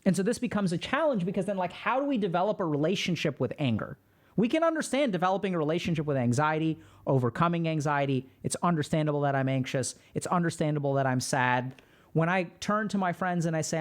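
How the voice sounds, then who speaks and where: A man hosting a stream, reading a viewer's post aloud and explaining his thoughts in a calm, reflective way. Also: a little high, quick pace. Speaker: host.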